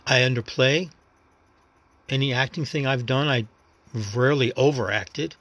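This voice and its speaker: A man with a New York accent talks through his life story on his own podcast, rambling and reflective without pushing. His voice sits in an ordinary middle pitch. The recording is dry and close, with no room sound. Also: normal speed, fairly bright tone, dry recording. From New York City. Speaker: podcast host. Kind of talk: casual personal monologue.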